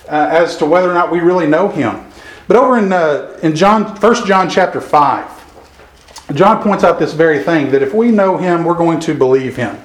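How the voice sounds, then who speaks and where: Earnest preacher man in echoey room. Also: a little high. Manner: measured, earnest, reads scripture slowly with emphasis. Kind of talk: church sermon with scripture reading.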